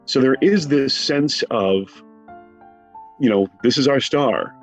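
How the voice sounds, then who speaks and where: A middle-aged man from the United States, a guest speaking in an animated way, with quick asides, in a conversational interview. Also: medium pitch, muffled recording, faint music behind. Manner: animated, rapid asides, mock quotes. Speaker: guest, film scholar.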